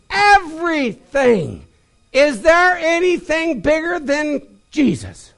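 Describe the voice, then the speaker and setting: A man's voice: extremely high pitch, expressive, unhurried, vocal fry, a bit bright. A man preaching a sermon, leading call-and-response, repeating key phrases and breaking into exclamations.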